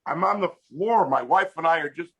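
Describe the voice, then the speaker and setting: An older American man with a husky, slightly raised voice tells a story on a video call. His pitch leaps around as he laughs and builds the joke, casual and animated throughout. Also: brisk. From United States. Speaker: interview guest, hypnotist.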